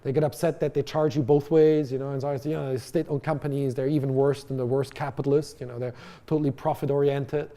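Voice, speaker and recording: Warm and level in tone, a man's medium-pitched voice moves fairly quickly through a college lecture held in a lecture hall. He addresses listeners directly, asking them questions, and his conversational speech includes fillers and restarts.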